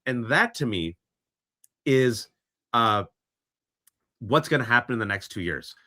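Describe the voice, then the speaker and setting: A man's voice: mid-range voice, pushed and bright. A man ranting sarcastically in impassioned political commentary on a podcast, slipping into mock voices. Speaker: podcast co-host.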